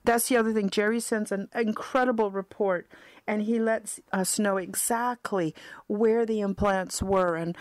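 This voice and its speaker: A woman's voice: mid-range voice, no echo. A middle-aged woman from Canada giving an earnest, heartfelt personal testimonial about her spiritual healing, often repeating words for emphasis. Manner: earnest, heartfelt, repetitive phrasing. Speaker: spiritual counselor and vlogger.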